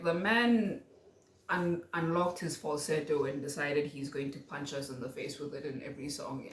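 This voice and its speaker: A woman reacting to music in a casual vlog, talking in a dramatic, playfully outraged, exasperated way. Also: low voice. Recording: roomy echo.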